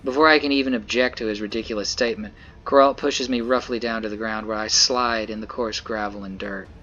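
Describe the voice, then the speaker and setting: A man's voice: lowish voice, steady tone, a little fast, bright, forceful tone, lo-fi sound, a little hiss or hum. A man narrating a dramatic visual novel in the first person, earnest and tense.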